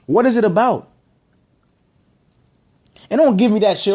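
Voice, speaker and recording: A man's voice: high voice, a little slow, a little mellow. A man giving an opinionated boxing rant to camera, emphatic and heated, stacking rhetorical questions and repeating his points. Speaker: boxing commentator.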